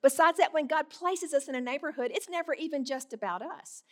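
A middle-aged woman giving devotional Bible teaching in an earnest, gently conversational way. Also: high voice, fairly quick.

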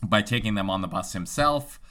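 A man's voice: on the low side, expressive, fairly quick, a bit bright. A man co-hosting a casual podcast chat, laughing often and swearing casually. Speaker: podcast co-host.

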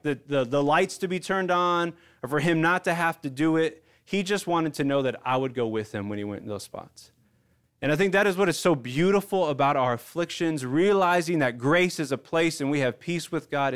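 A man in his thirties preaching a sermon, earnest and conversational, rising in bursts and dropping to a hush for emphasis. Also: a little high. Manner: earnest, conversational preaching with surges and hushed drops. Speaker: pastor.

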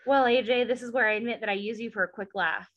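A woman co-hosting a podcast, recapping a TV episode in casual chat with sarcastic jokes and quick asides. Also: a little high, fairly bright tone, muffled recording. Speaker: podcast co-host.

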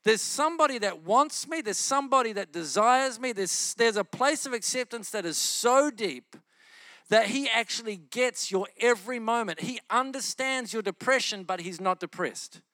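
An impassioned man delivering a sermon, hammering phrases through repetition. His voice sits high and bright, and the recording is close and dry. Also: lively intonation, moderate pace, dry recording. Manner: fervent, emphatic, repetitive. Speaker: preacher.

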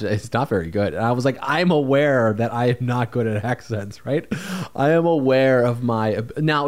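A man's voice: mid-range voice, darkish tone. A man co-hosting a podcast, talking in a rambling, easygoing, self-deprecating way. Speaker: podcast co-host. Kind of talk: casual podcast chat.

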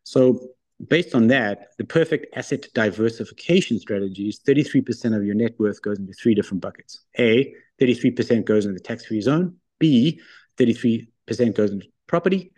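A man's voice: medium pitch, animated, a little mellow. A middle-aged man, a company founder, telling stories with confidence as a guest in a casual interview. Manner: confident, brisk anecdotal storytelling. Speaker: guest, wealth firm founder.

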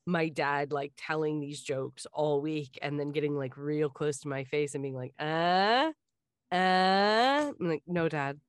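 A woman's voice: low voice, level tone, normal speed, hardly any pauses, a little mellow, no echo, studio quality. A woman from the Richmond area talking casually as a podcast co-host, rambling with lots of fillers and restarts. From Richmond area, Virginia. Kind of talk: casual chat.

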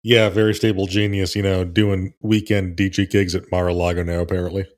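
A man's voice: low-pitched, level tone, brisk. A man co-hosting a podcast, dropping dry wisecracks in casual chat. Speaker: podcast co-host.

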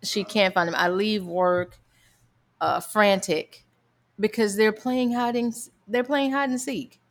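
A woman's voice: mid-range voice, fairly even intonation, a little slow. A middle-aged woman, a mother, animatedly telling a funny family story in casual chat and laughing often.

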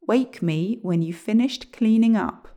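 A woman voicing a nasty, grumpy male dwarf in a storybook reading, loud and demanding. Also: medium pitch, a little slow, close to an everyday voice. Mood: gruff.

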